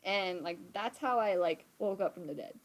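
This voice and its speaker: A woman's voice: medium pitch, normal speed. A young adult woman telling a story casually on a live stream, acting out quotes and swearing freely. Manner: animated, swearing, acts out quotes. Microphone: streaming from a computer.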